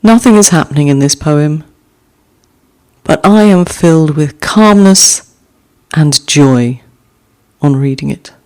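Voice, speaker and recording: A woman hosting a podcast, reading listener haiku and discussing them in a measured way, repeating each poem twice. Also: deep voice, a little mellow. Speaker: podcast host.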